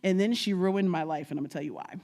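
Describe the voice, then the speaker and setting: Lively storytelling woman from New York. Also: fairly low pitch, fast talker. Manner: lively storyteller, laughs often, talks straight to the audience. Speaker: guest speaker on genealogy. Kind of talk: humorous conference talk.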